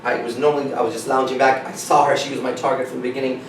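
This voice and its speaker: A man's voice: mid-range voice, flat delivery, very fast, far from the mic, slight background noise. A man coaching on dating, telling a story emphatically and acting out both sides of the conversation. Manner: acts out dialogue, emphatic, repeats "I said". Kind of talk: animated storytelling talk. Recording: echoey room, speaker away from the mic.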